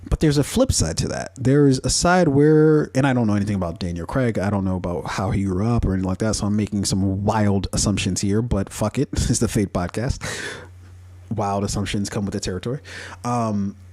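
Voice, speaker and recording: A man hosting a casual commentary podcast, his voice warm and mellow rather than bright. He rambles through his points with plenty of fillers, curses freely and laughs at his own asides. The sound is dry and close, with no room echo. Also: on the low side, fairly quick. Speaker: podcast host.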